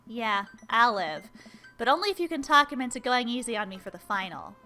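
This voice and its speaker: A woman voicing a sarcastic teenage girl in a game, reading her lines in a flat, dry way. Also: a little high, a little fast, faint music behind. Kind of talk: reading game dialogue aloud.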